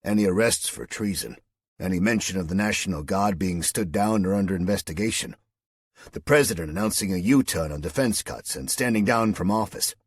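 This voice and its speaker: Man doing a brusque colonel, very low and mumbled, husky, dry close sound. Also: a little fast, no room sound. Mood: tense. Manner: mumbling, clipped, testy. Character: tense military colonel, brusque and guarded.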